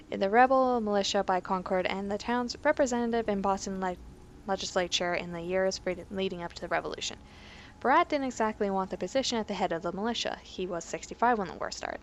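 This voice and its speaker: A woman casually reads game lore aloud, stumbling on words and breaking off for wry asides. Her voice sits at a middling pitch over a faint hum in the background. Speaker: let's play host. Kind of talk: casual gameplay commentary.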